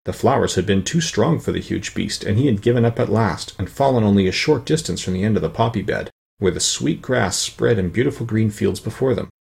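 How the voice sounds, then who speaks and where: A man reading a storybook aloud as narrator, steady and plain, with the odd small slip. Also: lowish voice, a little fast, creaky, breathy edge. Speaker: audiobook narrator.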